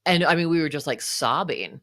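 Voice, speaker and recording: A woman's voice: low-pitched, lively intonation, a little fast, a bit bright, no echo, clean studio sound. A woman, a psychotherapist and author, telling an emotional personal story in conversation, full of "you know" asides.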